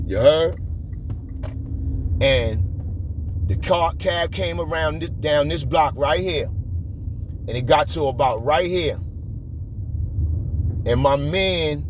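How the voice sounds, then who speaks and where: A man's voice: on the high side, a little hiss or hum. A man telling a street story in a loose, slangy way, often checking in with listeners and repeating himself as he moves along a city route. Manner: slangy, keeps checking in with "you heard?", frequent repeats.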